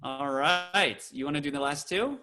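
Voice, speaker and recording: A man, a cantor, teaching a Torah trope class over a video call, explaining and then chanting words slowly. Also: on the high side, animated, bright, forceful tone, slight background noise. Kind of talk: online Torah trope lesson.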